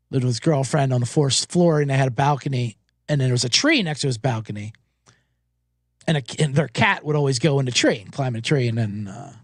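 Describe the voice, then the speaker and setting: A man hosting a sports betting show, talking casually and telling anecdotes with quick character voices. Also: on the high side, no echo, studio quality. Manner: animated storyteller, doing quick voices in anecdotes.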